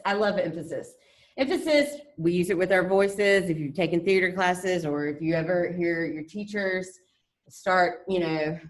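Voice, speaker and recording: A woman art teacher lecturing over slides in a chatty way, full of fillers and restarts, raising her pitch to stress key words. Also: distant mic. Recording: echoey room, voice off-mic.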